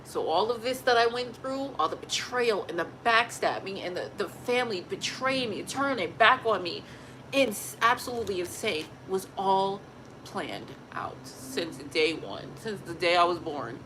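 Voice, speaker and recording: A woman's voice: medium pitch, animated, moderate pace, bright, forceful tone, slight background noise, low-quality recording. A pregnant woman chatting candidly to her viewers on a phone, earnest and rambling, often laughing mid-sentence. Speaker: family vlogger. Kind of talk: candid casual chat to viewers.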